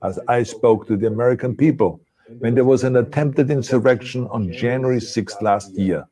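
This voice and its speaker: A man's voice: medium pitch, moderate pace, warm tone. A man giving a formal, earnest video address to the camera, played from a clip. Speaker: public figure in a video message.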